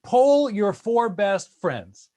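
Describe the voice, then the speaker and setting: A man presenting at a speaker series over a video call, talking in animated bursts with frequent restarts. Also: high voice, drawn-out words. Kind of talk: casual panel talk.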